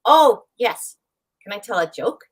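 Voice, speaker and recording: A woman chatting as a guest on a live show, playful and lively as she tells a long joke. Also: medium pitch, a little slow, slightly rough. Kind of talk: casual chat, telling a joke.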